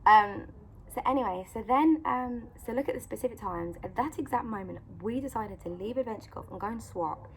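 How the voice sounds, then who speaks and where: Out in the sunlight, a vlogger holds her phone camera at arm's length and tells an encouraging story, chatty and full of "like" and "you know," acting out the other people involved. Her voice is a little high and brisk, with a faint hiss or hum.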